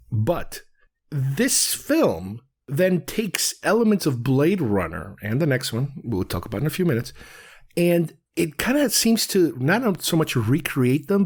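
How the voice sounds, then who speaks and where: A man, raised in Queens, hosting a solo film commentary show and thinking aloud in a rambling, conversational way. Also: medium pitch. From Queens, New York. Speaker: film podcast host.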